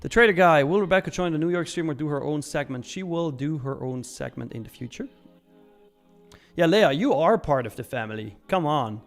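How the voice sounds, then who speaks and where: A man's voice: on the high side, lively intonation, brisk, soft background music. A young Swiss man casually hosting a live trading stream, chatting, reading out chat messages and laughing often. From Switzerland.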